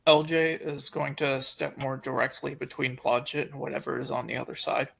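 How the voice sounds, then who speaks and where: A man playing a tabletop game, talking casually and working through his choices out loud, sometimes swearing. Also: medium pitch, little pitch movement, moderate pace, creaky, slight background noise. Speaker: player.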